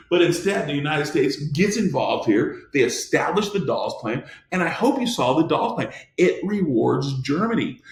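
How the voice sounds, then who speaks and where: A man's voice: fairly high pitch, roomy sound. A man teaching a history lecture in an emphatic way, often restarting his sentences. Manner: emphatic, many restarts and fillers. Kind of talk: recorded classroom lecture.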